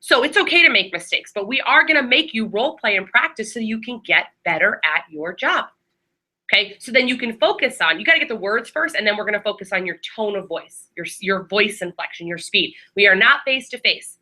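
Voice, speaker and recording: A woman training a class of new receptionists in a room, talking quickly and chattily with many fillers and restarts. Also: mid-range voice, lively intonation, pushed and bright, poor audio. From Maryland.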